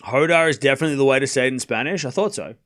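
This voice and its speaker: A man's voice: mid-range voice, very fast, a bit bright. Chatty man calling tennis play-by-play. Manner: joking, chatty, answers viewers' chat. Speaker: streamer commentating a live tennis match. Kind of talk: casual watchalong play-by-play.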